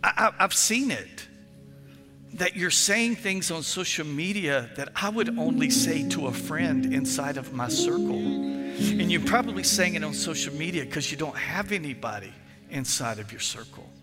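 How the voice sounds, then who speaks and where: A male pastor preaching a sermon in an animated storytelling manner, acting out phone calls with friends. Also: fairly high pitch, moderate pace, in a large hall, over loud music.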